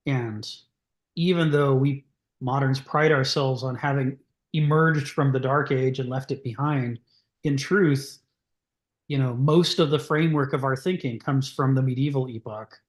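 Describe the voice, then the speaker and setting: Man, middle pitch, discussion leader, discursive, frequent restarts, echoey room. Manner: discursive, many restarts and fillers. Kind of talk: reading and commenting on a philosophy text.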